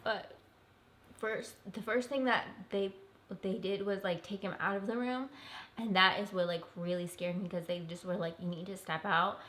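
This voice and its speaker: A woman's voice: mid-range voice, steady tone, moderate pace, a bit bright. A young woman vlogger telling a personal story in an emotional, earnest way, full of "like"s and close to tears. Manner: tearful, earnest, filler-heavy with many "like"s.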